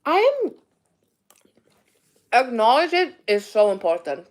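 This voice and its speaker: A woman's voice: a little high, sing-song, unhurried. Young woman, Romanian accent, casual vlog chat, candid, rambling, lots of "like". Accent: Romanian, mixed with British and Irish. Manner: candid, rambling, many "like" fillers. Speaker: vlogger. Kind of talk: casual eat-with-me chat answering viewers.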